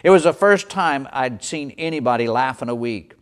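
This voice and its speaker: A man's voice: mid-range voice, lively intonation, normal speed, clean tone. A man preaching, telling a dramatic first-person story as a sermon illustration. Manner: dramatic storytelling, voicing the characters.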